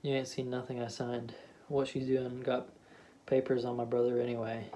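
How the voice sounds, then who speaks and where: A gruff, stubborn middle-aged husband, read by a man in a steady, flat voice. He talks in a clipped dialect and stays defiant. The storybook reading has faint hiss behind it. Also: medium pitch, normal speed, natural voice. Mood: defensive.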